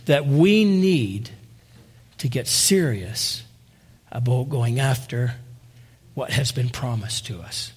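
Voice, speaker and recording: A man's voice: mid-range voice, lively intonation, slow, pauses often, husky. A man preaching a sermon to his congregation, earnest and rising to impassioned appeals, calling on listeners directly. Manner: addresses listeners as saints and by name.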